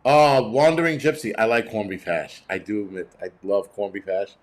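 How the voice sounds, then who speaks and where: A man's voice: fairly low pitch, animated, normal speed. A middle-aged man hosting a livestream, reading chat and ranting bluntly with heavy cursing in a cranky, rambling way.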